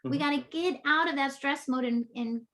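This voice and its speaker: A woman guest on a health podcast, briskly explaining her approach in steps. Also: sits high, fairly bright tone. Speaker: guest author and naturopathic doctor. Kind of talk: explanatory interview talk.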